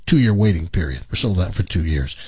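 A man hosting a radio show in the studio, telling stories in a rambling, animated way with lots of restarts. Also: sits low, a little fast, breathy edge, muffled recording. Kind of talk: casual morning show banter.

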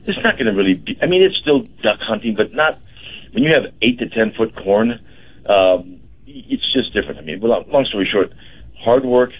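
A middle-aged man hosts a casual radio chat and rambles, full of fillers and restarts. His voice sits low. The sound is dull and lo-fi, like an old radio feed. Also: lively intonation, moderate pace, slightly rough. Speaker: radio host.

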